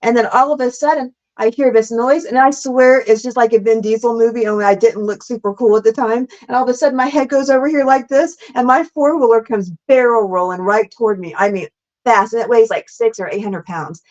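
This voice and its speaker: Excited woman telling wild stories. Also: on the high side. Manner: animated, laughing, fast bursts, says "like" and "super freaking cool" a lot. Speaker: guest. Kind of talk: casual storytelling interview. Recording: slightly dull lo-fi sound.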